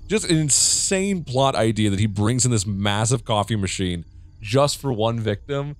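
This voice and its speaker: An American man talks over a horror game in a rambling, foul-mouthed stream of commentary. His pitch leaps all over the place as he reacts. The sound is dry and close, with no room around it. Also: animated, normal speed, dry recording, faint music behind. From United States. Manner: rambling, profane, jumpy reactions. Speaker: gamer. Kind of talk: let's play commentary.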